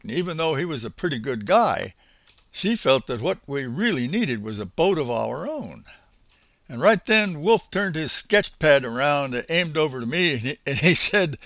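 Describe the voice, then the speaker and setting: A man's voice: medium pitch, a bit bright, no room sound. Older man telling a folksy memoir. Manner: unhurried, folksy, reflective. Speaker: storyteller. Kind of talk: spoken memoir narration.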